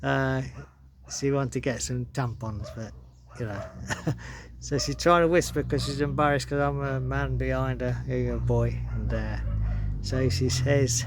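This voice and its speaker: A man's voice: mid-range voice, steady tone, measured pace, background noise. A man vlogging a casual story, chuckling often and rambling through restarts.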